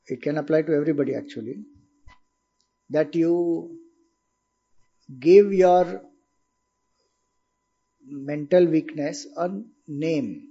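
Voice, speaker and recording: A man's voice: fairly high pitch, mellow, husky, dull audio. A man with an Indian accent giving a spiritual discourse, explaining patiently and asking his listeners questions. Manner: explanatory, asks rhetorical questions. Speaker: spiritual teacher.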